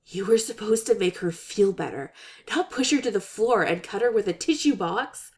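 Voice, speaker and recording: A woman voicing a gruff, brooding man who speaks in short, low lines in a read-aloud story. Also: expressive, moderate pace, close to an everyday voice. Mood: horrified hush. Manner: clipped, low and terse.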